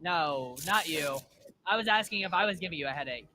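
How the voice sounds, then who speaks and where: A man live streaming a game, excitable and chatting with his AI co-host. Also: a little high, a little fast, slight background noise. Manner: excitable, laughing.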